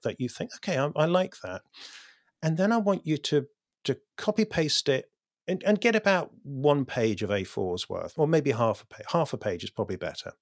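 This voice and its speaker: A man's voice: medium pitch, vocal fry, breathy edge, no room sound. Thoughtful man, dry sound. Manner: thoughtful, with frequent restarts. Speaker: podcast guest, poet. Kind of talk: casual interview talk.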